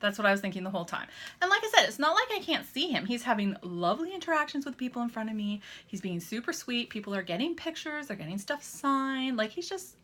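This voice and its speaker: A Canadian woman in her thirties tells a personal story straight into her camera, chatty and animated. Her voice is bright and clear, and she slips into other people's voices when she quotes them. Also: a little high, quick pace. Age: 30s. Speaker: vlogger.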